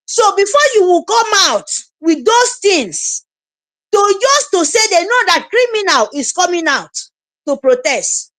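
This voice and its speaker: A woman's voice: extremely high pitch, sing-song, unhurried, a bit bright, no echo. A woman with a Nigerian accent giving an impassioned political address, repeating her points with urgent pleading. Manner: emphatic, repetitive, urgent pleading. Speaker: activist commentator.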